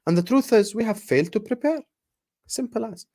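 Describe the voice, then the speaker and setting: A fired-up man hosts a football fan livestream with a casual rant, speaking a little fast in a high voice with lively intonation. He passionately shouts out viewers and, when worked up, repeats and restarts words.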